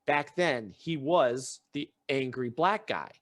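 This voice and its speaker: A man hosts a podcast in a mid-range, slightly bright, expressive voice, taking things slowly. He tells a story in casual conversation, voicing the quotes himself and frequently restarting sentences.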